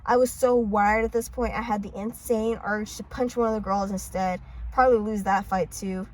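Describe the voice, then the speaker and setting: A woman's voice: medium pitch, steady tone, moderate pace, darkish tone, low-quality recording. A woman casually reading a novel aloud in a parked car, with stumbling restarts and swearing asides. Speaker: audiobook reader.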